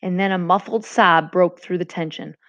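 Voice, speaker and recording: A woman, a teacher, reading a novel aloud to a class with a brisk, expressive delivery. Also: fairly low pitch. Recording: dull lo-fi recording.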